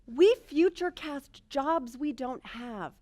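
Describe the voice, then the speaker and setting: A woman telling a personal story in a talk, animated and self-mocking, swinging between hushed lines and loud bursts. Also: sits high, takes it slowly. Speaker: speaker.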